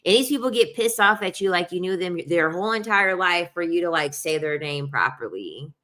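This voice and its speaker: A woman chats casually to her viewers to camera, emphatic and repeating herself, laughing often. Her lowish voice is expressive, brisk and bright with a forceful tone.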